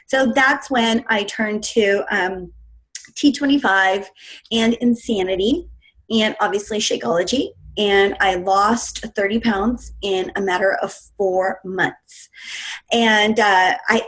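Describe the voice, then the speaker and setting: A woman's voice: medium pitch, a bit bright, poor audio. A woman in her thirties, a fitness coach, telling her personal story in an earnest, emotional way during a webinar talk. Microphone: webinar computer mic.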